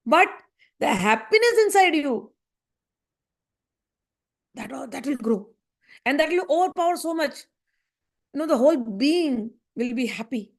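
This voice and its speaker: High-voiced woman teaching. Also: expressive, a little slow, long pauses. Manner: earnest, repetitive, gently reassuring. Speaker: spiritual teacher. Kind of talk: spiritual discourse.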